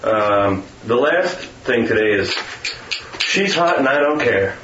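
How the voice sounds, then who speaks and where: A man's voice: medium pitch, lively intonation, slow. A man chatting casually in a sarcastic, rambling way, often mimicking voices, recorded from a distance with a muffled sound. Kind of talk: casual chat. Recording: roomy, distant, muffled with faint noise.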